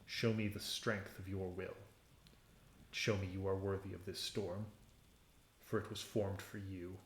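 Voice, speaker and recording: A man's voice: low voice, little pitch movement, unhurried, reverberant, a little hiss or hum. A man voicing a solemn ancient storm spirit. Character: ancient storm power, ominous and demanding.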